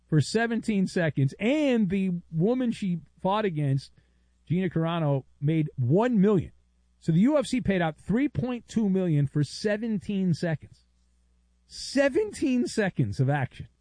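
A man's voice: high voice, dry recording. A man hosting a sports talk radio show, chatty and opinionated, telling stories and arguing with callers. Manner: chatty, opinionated, animated storytelling.

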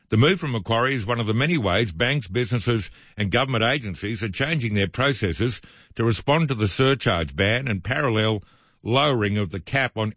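A man's voice: medium pitch, fairly bright tone, no room sound, muffled recording. A man hosting talk radio, reading news items and adding sardonic, opinionated asides. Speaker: radio host.

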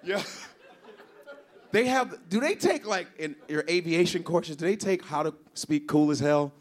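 A man doing a stand-up comedy routine, animated and profane, shouting and laughing in bursts and slipping into high squealing impressions. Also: unhurried. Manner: slips into high-pitched impressions.

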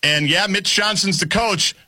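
A man's voice: high-pitched, measured pace, pushed and bright, no echo. A man co-hosting a sports talk show in a casual, wry conversational way.

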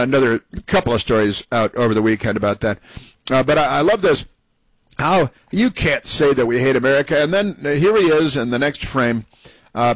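A man's voice: mid-range voice, no room sound, rough recording. A man hosting a talk radio show, rambling and mocking in his opinionated commentary.

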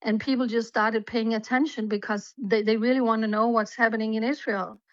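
A woman tells her story to an interviewer, earnest and fervent, now and then pausing with an "um". Her voice comes over a dull, muffled line with no room sound at all. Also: fairly high pitch, steady tone, no room sound. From Denmark. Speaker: guest, journalist.

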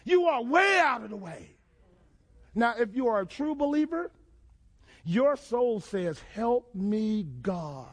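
A man with a strikingly high voice delivers a fervent sermon. He builds rhythmic repetitions and questions to the congregation, climbing into shouted emphasis. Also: big pitch swings, unhurried, pauses often. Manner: call-and-response preaching, rising to shouts. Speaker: preacher.

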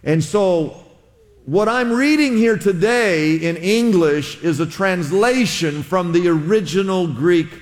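A man with a somewhat high voice preaches in a church sanctuary, his words trailing off into a long hall reverb. He talks in a loose, conversational way, restarting phrases and calling on the congregation to repeat after him. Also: lively intonation, takes it slowly. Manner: conversational preaching with audience call-and-response. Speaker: pastor. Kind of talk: sermon.

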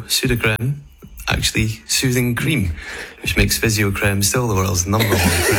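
A Scottish man from Scotland leaving a jokey voice message for a show, telling a made-up fact in a deadpan way. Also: sits low, creaky, husky. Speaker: listener calling in. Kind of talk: recorded voice message.

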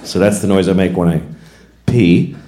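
A man's voice: low voice, moderate pace, warm tone, roomy sound, slight background noise. A male stand-up comedian with a wry, self-mocking delivery.

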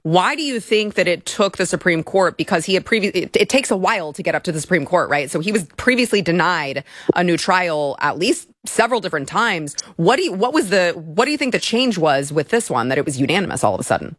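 A woman with a lowish voice hosts an interview and asks curious, conversational follow-up questions. Her voice is dry and close, with no room sound. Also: big pitch swings, fast talker, few pauses, no room sound.

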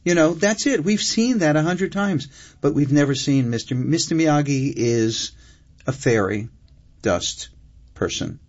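An older man, a writer guest, talking reflectively and emphatically, slowing down to drive points home. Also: on the high side, lively intonation, a little mellow. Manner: expansive, emphatic, slows down for key points. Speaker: screenwriter guest. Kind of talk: reflective interview talk. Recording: dull lo-fi sound.

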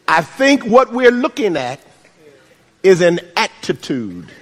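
A man preaching a sermon, swinging between shouts and hushed asides and adding humorous remarks. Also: high voice, very animated, slow, noisy background. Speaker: pastor. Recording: reverberant hall.

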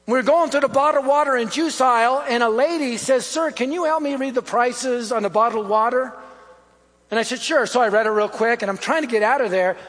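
A man's voice: extremely high pitch, a bit bright. A man preaching a sermon, telling stories and urging his listeners with punchy lists. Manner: storytelling, exhorting, punchy lists. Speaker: pastor. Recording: echoey hall.

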